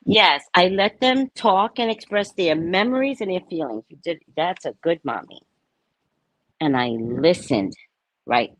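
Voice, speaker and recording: Woman, fifties, low husky voice, lively swings in pitch, blunt candid storytelling, dry close sound. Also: measured pace, no echo, poor audio. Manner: blunt, animated storytelling with frank swearing. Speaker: spiritual talk host. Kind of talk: candid spiritual monologue.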